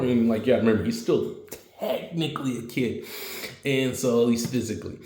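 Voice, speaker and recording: A man's voice: medium pitch, moderate pace, darkish tone, reverberant. A man telling a homemade fan story casually, rambling with slang and fillers.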